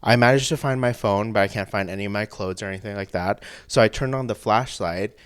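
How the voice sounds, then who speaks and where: A man telling a personal story in casual chat, animated and breaking into laughs. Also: lowish voice, fairly quick, smooth. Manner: animated, laughs between lines, rising into excited outbursts. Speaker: podcast guest telling a story.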